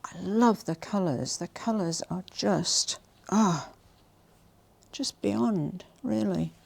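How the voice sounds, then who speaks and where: A woman vlogger presenting a haul in a casual, gushing and emotional way, often dropping to soft whispers. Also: mid-range voice, slow pace, creaky, slightly rough. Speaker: fashion vlogger.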